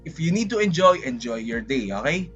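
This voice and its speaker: A man's voice: fairly high pitch, sing-song, a little fast, a bit bright. A man from the Philippines with a Filipino English accent, chatting casually on a livestream, rambling and dramatic as he talks straight to his chat. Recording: dull lo-fi stream audio. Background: faint background music.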